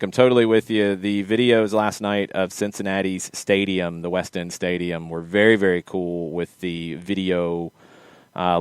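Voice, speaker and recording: A man hosting a casual soccer podcast, quick and lively, teasing his co-hosts. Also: deep voice, clear, resonant tone, no echo, clean studio sound. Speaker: podcast host. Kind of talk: casual sports chat.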